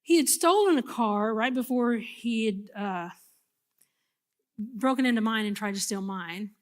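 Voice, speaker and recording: A woman pastor in middle age preaching to her congregation. She tells a personal story with humor and animation, and her voice sits high. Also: a little slow. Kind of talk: sermon.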